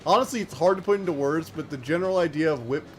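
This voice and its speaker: An American man with a slightly high voice talks fast while streaming a game, offering casual let's-play commentary. He rambles loosely and fills his speech with lots of filler words.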